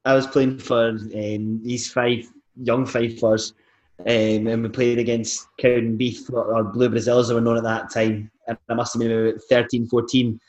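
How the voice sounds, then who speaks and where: A man's voice: mid-range voice, flat delivery, normal speed, a little mellow, rough recording. A man in his thirties in casual chat, telling a self-mocking story. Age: 30s.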